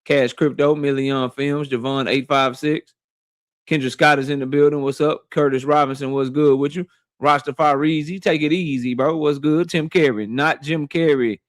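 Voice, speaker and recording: A man's voice: on the high side, fairly even intonation, normal speed, no room sound, clean studio sound. A man hosting a boxing livestream, casually greeting chat members one by one in a slangy, playful way.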